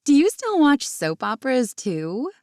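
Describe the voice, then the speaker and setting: A woman's voice: high voice, very animated, measured pace, a little mellow, no echo, studio quality, voice pushed up, heavily acted. A woman voicing an eager, flustered young woman who talks in a lightly raised, breathless voice.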